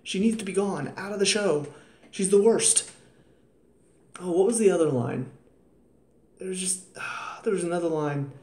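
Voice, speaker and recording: An unhurried man with a high, somewhat mellow voice leaves long pauses as he casually reviews a TV episode. He sounds tired and exasperated, ranting with sarcastic remarks on the side. The recording has a roomy echo and faint ambience.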